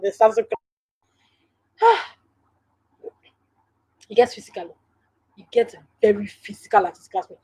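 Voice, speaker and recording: A woman's voice: mid-range voice, measured pace, long pauses, dark tone, breathy edge, low-quality recording. A woman with a Nigerian English accent hosting a casual live stream from home, chatting directly to viewers and laughing often.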